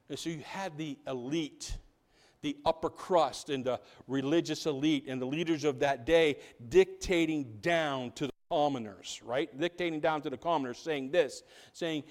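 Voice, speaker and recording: High-voiced preacher in an echoey hall. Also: male voice, normal speed. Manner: animated, swings from loud to hushed. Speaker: pastor. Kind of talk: sermon.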